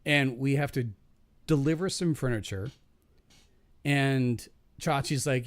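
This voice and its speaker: Speaking slowly with frequent pauses and no room sound, a male podcast host with a medium-pitched voice recounts a work story. He keeps it casual and animated, swearing and performing the voices of those he quotes.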